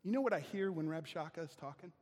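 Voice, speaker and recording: A male pastor preaching a sermon with a personal story, animated and acting out voices and sounds. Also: a little high, quick pace. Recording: church hall reverb.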